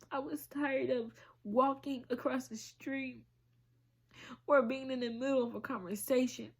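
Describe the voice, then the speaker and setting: A woman talking in a halting, emotional way on a personal confessional vlog, often dropping to a whisper. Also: fairly high pitch, vocal fry. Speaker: vlogger.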